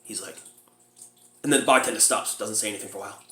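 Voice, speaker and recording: A man casually reviewing a low-budget horror movie, laughing often as he retells scenes and squeaks out the characters' lines. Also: fast talker, pushed and bright, echoey room, a little hiss or hum.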